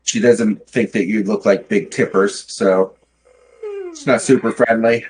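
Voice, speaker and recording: A man narrating a tabletop game as game master, relaxed and chatty with many fillers. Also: on the low side, a little slow, slight background noise, rough recording.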